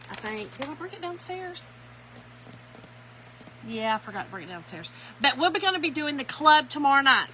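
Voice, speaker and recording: A middle-aged woman with a drawl hosts a casual craft livestream from home. Her voice is bright and a little high as she chats with viewers and calls out their names. A faint hum sits under the recording. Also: poor audio. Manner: chatty, greets viewers by name, laughs often.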